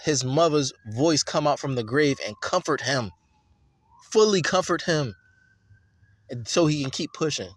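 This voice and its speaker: A man's voice: a little high, animated, measured pace, pauses often, breathy edge, no echo. A man reading scripture and breaking into an emphatic, profane, repetitive rant about it. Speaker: scripture reader and commentator.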